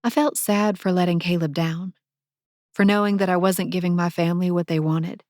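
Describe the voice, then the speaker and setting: A woman's voice: fairly low pitch, steady tone, normal speed, a little mellow, no echo. Woman narrating a romance audiobook, close.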